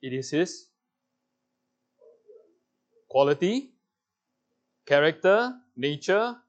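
Speaking very slowly in a slightly high, sing-song voice, a man with a Singaporean English accent runs an interactive Bible class. He playfully draws answers out of the group and laughs a lot, and the recording's highs are cut off.

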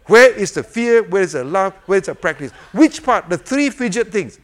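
An older man preaches in a relaxed, conversational way, with a fairly high voice for a man. He keeps asking his listeners rhetorical questions and chuckles now and then. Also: moderate pace. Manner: animated, repetitive rhetorical questions, chuckles often. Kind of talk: informal sermon with a fidget toy demonstration.

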